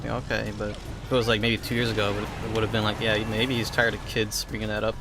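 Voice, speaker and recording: A man's voice: fairly low pitch, level tone, quick pace, music in the background. A man in casual chat with friends, speaking in a matter-of-fact way. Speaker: friend on the stream.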